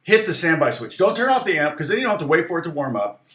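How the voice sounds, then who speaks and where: A man's voice: on the high side, very animated, fast, a bit bright, roomy sound. A middle-aged man giving a casual livestream guitar lesson, chatty and rambling, with many fillers and restarts. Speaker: guitar teacher.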